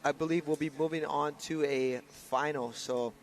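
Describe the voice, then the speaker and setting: A man's voice: fairly high pitch, steady tone, normal speed. Upbeat man calling a canoe race. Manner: upbeat, calls lanes and crews. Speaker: race commentator. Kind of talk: live sports commentary.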